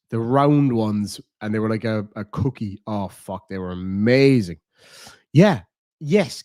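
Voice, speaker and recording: A man's voice: mid-range voice, a little mellow, no echo. An Irish man chatting casually to his viewers in a rambling, laid-back way, swearing freely. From Ireland. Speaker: reaction streamer.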